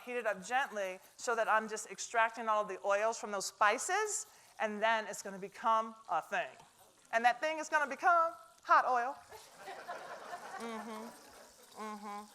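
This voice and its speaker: A middle-aged woman with a Southern American drawl leads a live cooking demonstration on a stage kitchen. Her voice is bright and forceful, and her pitch sits in a middle range. She talks to the crowd in a chatty way and cracks jokes as she cooks. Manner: chatty, joking, talks to the audience.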